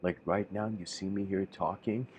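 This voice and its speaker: A man giving a livestreamed spiritual lecture, musing and halting, often restarting his sentences. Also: low-pitched, fairly even intonation, darkish tone, slight background noise, poor audio.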